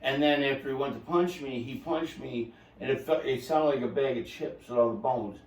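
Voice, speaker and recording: A man hosting a podcast, telling a story in a lively, laughing way and acting out quotes. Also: medium pitch, moderate pace. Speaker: podcast host. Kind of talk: casual storytelling chat. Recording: roomy, distant mic.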